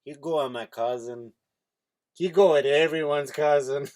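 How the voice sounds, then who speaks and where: An Irish man voicing a cocky, cheeky male cartoon mouse in an exaggerated cartoon accent, slower and a little lower than his own voice. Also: darkish tone, close to an everyday voice.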